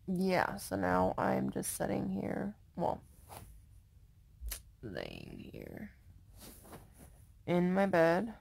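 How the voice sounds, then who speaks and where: A tired young woman rambling casually to her phone camera in a vlog, sleepy and unhurried. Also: lowish voice, creaky, darkish tone, breathy edge. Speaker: vlogger. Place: car, bed, then walking outdoors at night.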